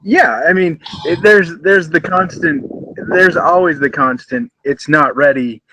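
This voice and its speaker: A man's voice: sits high, measured pace, sharp tone, dull audio, a little hiss or hum. A man in a casual chat, talking reflectively about creative work with lots of restarts.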